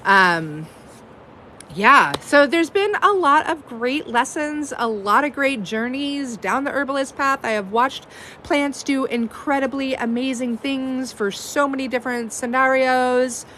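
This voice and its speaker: Woman, 30s, herbalist host, casual and effusive chatter, slightly high voice, faint background noise. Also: unhurried, bright, forceful tone. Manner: chatty and effusive, many likes and ums. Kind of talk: casual livestream chat.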